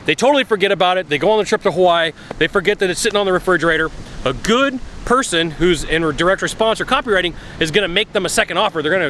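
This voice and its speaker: Fast-talking high-voiced man outdoors. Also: expressive, sharp tone, slight background noise. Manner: blunt, talks fast, acts out sales calls. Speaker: sales coach. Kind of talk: casual outdoor vlog advice. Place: outdoors by a bay.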